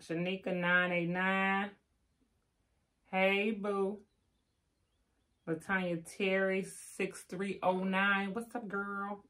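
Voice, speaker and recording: A woman's voice: mid-range voice, flat delivery, takes it slowly, pauses often, a bit bright. An older woman, chatting casually on a live stream and reading out viewer names with teasing asides. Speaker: vlogger giving live shout-outs.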